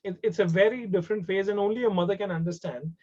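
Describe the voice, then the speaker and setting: A man's voice: high-pitched, fast. Indian man telling a story on a call. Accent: Indian English. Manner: warm conversational, repeats words, mixes in Hindi. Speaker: webinar speaker. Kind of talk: storytelling talk. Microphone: video call. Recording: dull lo-fi video call audio.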